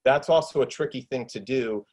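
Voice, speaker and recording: A man chatting from home into a desktop mic, eager and rambling, mid-pitched. He piles up fillers and restarts as he gushes. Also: a little fast, a little mellow, low-quality recording. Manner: enthusiastic, rambling, lots of fillers. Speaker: actor and filmmaker. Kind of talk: casual video interview. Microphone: desktop USB microphone with pop shield.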